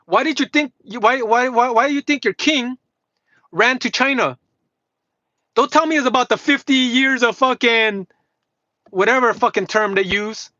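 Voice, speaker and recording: A man's voice: very high voice, normal speed, bright, forceful tone, dry recording. A man livestreaming a heated, combative rant to his chat, swearing constantly, mocking and repeating himself. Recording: dull lo-fi livestream audio.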